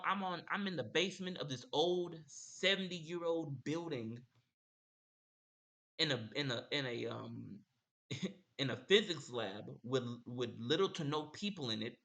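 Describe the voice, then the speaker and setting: A young man with a bright, forceful voice tells a casual story. He rambles and repeats himself often, like a streamer chatting to his viewers. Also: on the high side. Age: young adult. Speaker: streamer host.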